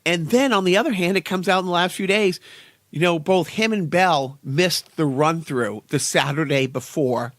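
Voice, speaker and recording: A man's voice: a little high, moderate pace, fairly bright tone, no room sound, clean studio sound. A man co-hosting a podcast, rambling through casual sports chat and repeating his words as he goes. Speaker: podcast co-host.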